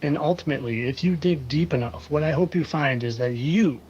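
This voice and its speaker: Man, host, sarcastic insinuating delivery, higher voice, dull lo-fi audio. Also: a little fast, a little mellow, breathy edge. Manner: sarcastic, insinuating, repeats phrases for effect. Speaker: conspiracy video host. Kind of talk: monologue over clips. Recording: dull lo-fi sound.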